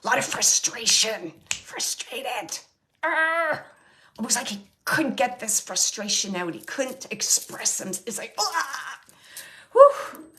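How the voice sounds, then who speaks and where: A woman giving a live mediumship reading in a slightly high voice. She searches for her words with constant fillers and restarts, and often trails off into a soft, near-whispered murmur. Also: unhurried, hardly any pauses. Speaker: psychic medium host.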